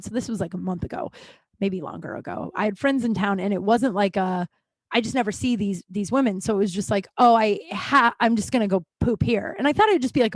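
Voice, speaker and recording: A woman's voice: mid-range voice, a little mellow, dry recording. A woman hosting her own podcast, telling a long, rambling story in a casual, profane, self-deprecating way. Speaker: podcast host.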